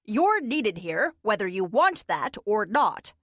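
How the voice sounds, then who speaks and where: Woman putting on a bored old-school wizard guy, dry and formal, slow. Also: mid-range voice, sing-song, dry recording.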